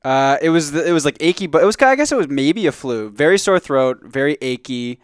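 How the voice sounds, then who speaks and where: A man co-hosting a casual podcast, joking quickly and stumbling over restarts. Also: on the high side, animated, clean tone, dry recording, studio quality. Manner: quick, jokey, stammers on restarts. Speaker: podcast co-host.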